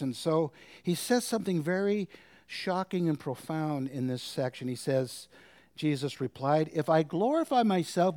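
A man preaching a sermon, asking the congregation rhetorical questions and swinging between forceful emphasis and hushed whispers. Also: medium pitch, dry recording. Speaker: pastor.

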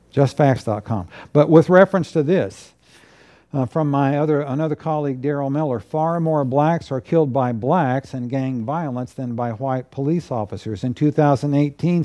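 A man, a pastor preaching a sermon from the pulpit in an earnest, measured way with emphatic declarations. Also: medium pitch, mellow. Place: church pulpit.

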